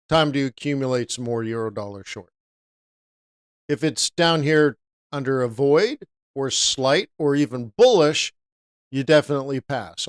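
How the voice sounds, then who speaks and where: A man's voice: on the high side, clean tone, no echo, clean studio sound. A man teaching forex trading on a live stream, talking casually and answering viewers by name.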